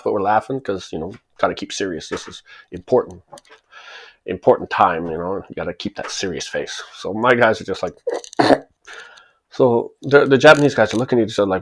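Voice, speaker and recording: A man's voice: lowish voice, a little fast, husky. A man in his forties who tells a personal story in a casual, chatty way and chuckles and acts out the people in it as he goes. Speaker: channel host telling a personal story. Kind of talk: casual spoken anecdote.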